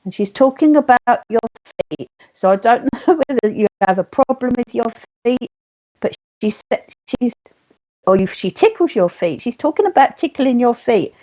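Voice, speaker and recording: A woman working as a spiritualist medium, gently passing on messages in a live online reading, speaking softly and slowly. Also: a little high, expressive, highs cut off.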